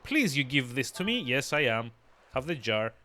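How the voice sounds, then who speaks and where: A man voicing an eager villager who speaks in simple, halting broken English. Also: mid-range voice, sing-song, pushed and bright, a little hiss or hum.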